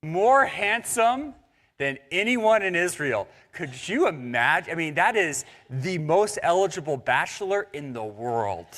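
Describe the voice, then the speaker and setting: Animated, high-voiced young male pastor preaching. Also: a little slow. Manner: animated and conversational, with jokes and asides to the congregation. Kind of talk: sermon. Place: church sanctuary.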